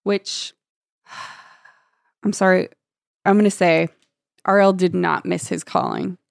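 A woman with a gravelly, fry-tinged voice chats casually about a book in a sarcastic, playful way, laughing often. The recording is dry and close. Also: lowish voice, fairly even intonation, slow pace, no room sound. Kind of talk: casual chat recapping a book.

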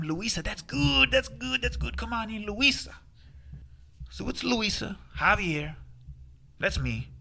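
A man putting on an excitable Spanish-accented party host. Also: high-pitched, creaky, pitched above the performer's own voice, exaggerated voice. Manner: animated, comic storytelling.

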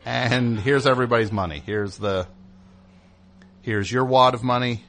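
A man with a fairly low voice hosts a comedy talk show. He rambles along, loose and digressive, full of ums and uhs. He drops into brief mock voices as he goes. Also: normal speed, fairly bright tone, faint music behind. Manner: meandering, many fillers, mock voices for bits. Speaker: radio show host.

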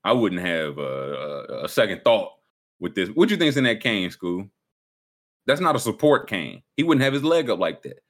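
A man with a fairly low voice that swings widely in pitch, chatting on a livestream. His delivery is animated and playful, full of teasing banter. It sounds like relaxed talk between friends. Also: normal speed. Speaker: streamer. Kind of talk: casual livestream chat.

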